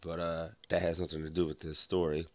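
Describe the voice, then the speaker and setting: Low-voiced man rambling through a story. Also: level tone, fairly quick, a little mellow, no room sound. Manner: rambling, full of restarts and quoted dialogue. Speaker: vlogger. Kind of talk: casual storytelling to camera.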